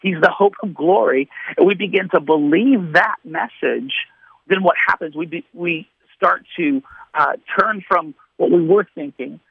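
Guy phoning in to a radio show, earnest rambly storyteller, slightly high voice, muffled dry phone sound. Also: a little slow, creaky, slightly rough, no echo. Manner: earnest, rambling with restarts, acts out voices in stories. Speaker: phone-in guest author. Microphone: telephone.

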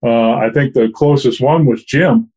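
Male interviewer, mid-pitched mellow voice, hesitant delivery. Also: rough recording. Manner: halting, many fillers and restarts. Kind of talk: interview questions.

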